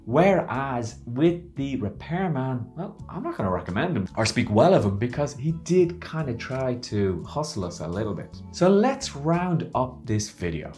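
A man who works as a business coach, telling a story in a casual, animated and theatrical way to camera. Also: fairly low pitch. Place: lives in Barcelona.

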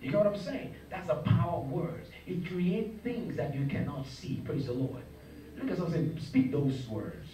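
A man's voice: on the high side, animated, moderate pace, warm tone. A man preaching a sermon in a church, emphatic and calling on the congregation to repeat his words. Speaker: pastor. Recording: echoey hall, voice from far off, crowd.

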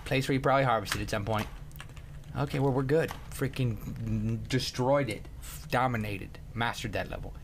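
A man giving casual gameplay commentary, excitable, with sudden yelps, laughs and outbursts. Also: fairly low pitch, a little slow, slight background noise.

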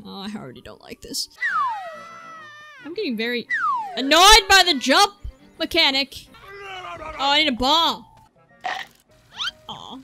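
Young female let's-player, lively sing-song pitch, profane and excitable. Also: unhurried, pauses often. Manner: excitable, swears freely, reads game text aloud. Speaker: gaming channel host. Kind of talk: let's-play commentary. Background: faint game music.

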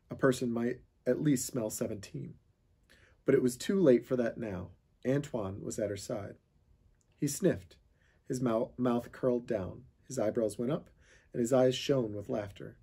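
A man reading a children's chapter book aloud, with steady storytelling narration. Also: mid-range voice, vocal fry, husky. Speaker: reader of a children's novel.

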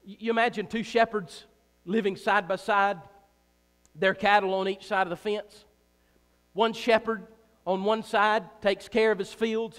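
A man preaching a sermon in a church, emphatic and repetitive, swinging between loud and soft, with joking asides. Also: high-pitched. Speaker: pastor. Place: church sanctuary. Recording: reverberant church hall.

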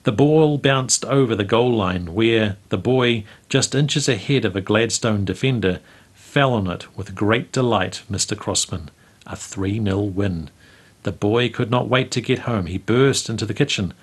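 A man, reading a memoir aloud in a measured, storytelling way as the show's host. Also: lowish voice, breathy edge. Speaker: host reading local history stories. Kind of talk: read-aloud memoir narration.

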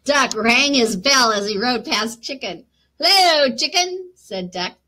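A woman's voice: a little high, a little slow, pushed and bright. A woman teacher reading a picture book aloud to children, chatty and encouraging, asking her listeners questions.

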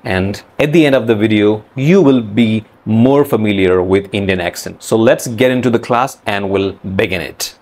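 A man hosting an English pronunciation lesson, explaining sounds slowly and repeating phrases to demonstrate them. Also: on the low side, a little mellow, slight background noise.

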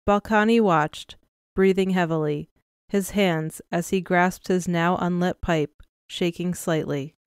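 Smooth low-voiced woman narrating. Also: steady tone, measured pace, dry recording, studio quality. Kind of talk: scripted audiobook narration.

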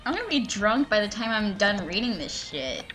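A woman's voice: medium pitch, very animated, a little fast, music in the background. A woman on a voice call reads out a badly written story in an exaggerated way. She adds mocking, profanity-laced commentary between the passages. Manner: sarcastic, swearing, breaks into laughter. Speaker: reader and commentator. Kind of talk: mocking dramatic reading with commentary.

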